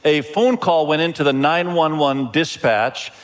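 A man's voice: a little high, a little slow. A male pastor giving a sermon in a friendly, conversational storytelling manner. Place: church auditorium. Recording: long reverb of a large hall.

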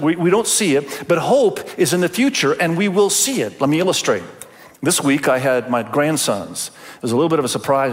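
An older man preaching a sermon as pastor, earnest and emphatic, with rhetorical questions. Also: fairly high pitch. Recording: long hall reverb.

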